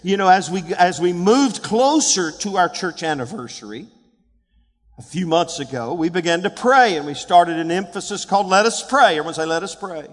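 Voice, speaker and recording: A man in his sixties preaching a sermon as pastor, building to shouted calls and leading call-and-response with the congregation. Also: sits high, lively intonation, moderate pace, big-room sound. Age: 60s. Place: church sanctuary.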